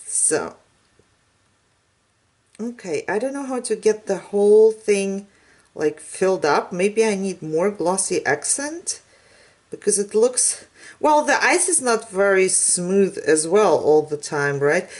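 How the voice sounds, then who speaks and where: A woman's voice: medium pitch, lively intonation, slow pace, darkish tone. A woman who speaks English as a second language, chatting casually and laughing often while she demonstrates a craft project. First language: not English. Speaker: craft channel host. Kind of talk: casual crafting tutorial chat.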